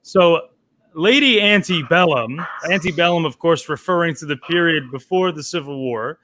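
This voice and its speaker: A man with a bright, somewhat high voice, telling a story on a casual podcast. He rambles along with plenty of "like" and "you know" as he goes. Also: expressive, moderate pace, a little hiss or hum. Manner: rambling, filler-heavy storytelling. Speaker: podcast co-host.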